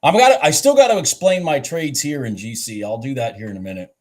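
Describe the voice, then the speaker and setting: A man giving casual live trading commentary, excitable and thinking aloud with frequent restarts. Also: medium pitch, fast talker. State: a bit out of breath. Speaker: livestream day trader.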